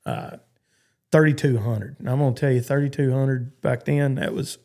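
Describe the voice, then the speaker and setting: Texan guy in his 40s, gravelly voice, rambling stop-start storytelling on a podcast. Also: mid-range voice, normal speed, darkish tone. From Texas. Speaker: guest, cowboy.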